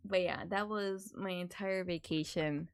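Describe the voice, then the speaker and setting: Young woman streamer, gravelly low voice, loose and chatty at a desk mic. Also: fairly even intonation, unhurried. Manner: chatty, swears a lot, laughs often. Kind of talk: casual chat.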